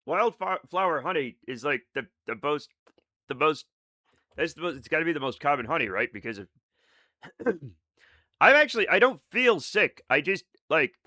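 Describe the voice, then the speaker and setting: Excitable streamer guy, bright voice bouncing all over, rambly, dry mic. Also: fairly high pitch, normal speed, pauses often, no echo. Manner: rambling, excitable, self-mocking. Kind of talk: casual live-stream chat with viewers.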